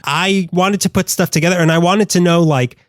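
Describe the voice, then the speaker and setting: A man's voice: sits high, fairly even intonation, brisk, no echo. Guy cohosting a funny podcast, rambles and jokes, dry close mic sound. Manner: joking, rambling with restarts. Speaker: podcast co-host. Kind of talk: casual comedic chat.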